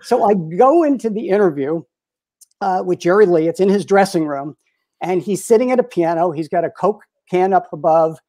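A man in his sixties, a retired publicist and interview guest, telling lively anecdotes with frequent chuckles. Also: high voice, normal speed. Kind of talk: storytelling in a casual interview.

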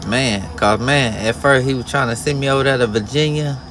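A man, a flatbed truck driver talking casually to viewers from his truck, slow and drawling, venting and cussing. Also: mid-range voice, noisy background. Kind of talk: casual vlog talk to viewers.

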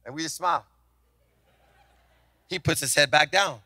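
A man preaching a sermon as senior pastor, telling a story with animated delivery and acted-out voices. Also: fairly high pitch, moderate pace, no echo, studio quality.

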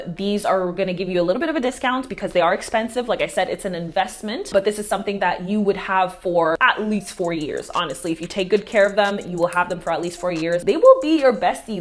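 Chatty woman heels dance teacher. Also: mid-range voice. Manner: chatty, playful, talks straight to viewers. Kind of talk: casual tutorial vlog.

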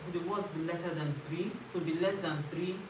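A woman student asks hesitant questions during a class. She sits far from the microphone in an echoey room, with clear background noise behind her. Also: fairly low pitch, steady tone, brisk.

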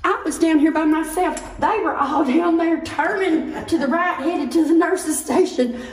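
A woman with a Southern US accent telling her ghost encounter in a rambling, animated way, often laughing, as she guides a tour of an old hospital. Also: very high-pitched, unhurried, far from the mic. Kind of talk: casual storytelling. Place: large old hospital building, indoors. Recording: echoey hallway, away from mic, faint noise.

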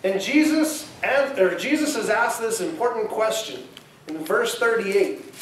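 A man with a notably high voice preaches in a casual, conversational way, putting questions to the people in front of him. His voice rings through a very echoey church sanctuary, picked up from some distance, with a faint hiss underneath. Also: expressive, a little slow. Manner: conversational, asks the congregation questions. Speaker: pastor. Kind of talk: sermon.

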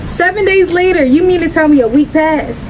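Brief: young woman, high voice, reactive slangy game commentary, game noise behind. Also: moderate pace. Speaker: gaming creator. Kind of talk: casual gameplay commentary.

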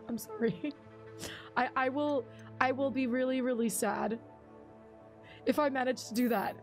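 A young woman chats casually with her live-stream audience, laughing often and thanking viewers by name. Her voice sits high and bright in pitch. Faint game music plays softly behind her. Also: moderate pace, pauses often. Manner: chatty, giggly, reads chat names aloud.

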